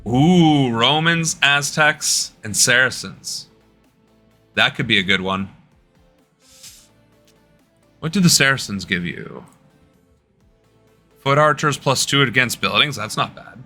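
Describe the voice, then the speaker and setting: Faint music sits behind a young man from the United States, a political streamer who jokes casually with his chat during a game. He's animated but takes it slowly with long pauses, his mid-range voice pushed and bright.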